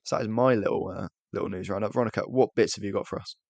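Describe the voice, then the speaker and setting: Young British male co-host, gravelly and dry, rambles with restarts. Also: on the low side, fairly even intonation, rapid-fire, a little mellow, no room sound. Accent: British English. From Britain. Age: young adult. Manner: rambling, self-deprecating, restarts often. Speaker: podcast co-host. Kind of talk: casual chat.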